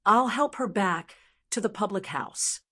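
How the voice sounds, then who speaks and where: A woman's voice: medium pitch, a little slow, pushed and bright. A woman voicing a polite, dutiful male elder retainer.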